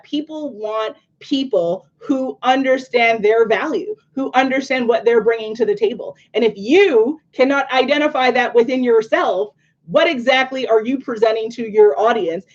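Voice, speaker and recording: A woman from New York coaching viewers on job interviews in an animated, laughing way, acting out nervous candidates. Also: mid-range voice, muffled recording. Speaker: career coach. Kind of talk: live-streamed coaching talk.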